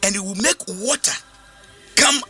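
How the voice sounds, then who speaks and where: A man's voice: high-pitched, measured pace, loud music behind the voice. A man preaching a sermon, emphatic, switching languages and repeating phrases. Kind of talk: sermon with interpreter.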